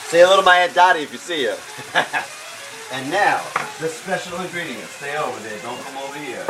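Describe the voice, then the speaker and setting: A man hosting a casual live cooking show at home, joking and shouting catchphrases. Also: fairly high pitch, animated, moderate pace, low-quality recording. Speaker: home cook host. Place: home kitchen with pan sizzling.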